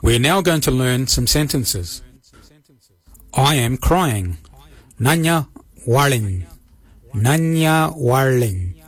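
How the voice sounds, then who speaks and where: A man teaching words and sentences on a radio language lesson, repeating each phrase slowly and carefully. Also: medium pitch, animated, fairly bright tone, husky, dry recording. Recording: radio broadcast with faint music.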